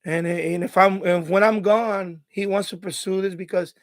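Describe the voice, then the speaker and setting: This dry recording captures a middle-aged man with a high, steady voice speaking at a normal speed. He's hosting a casual live stream from his home, growing emotional, choking up, and rambling through many restarts.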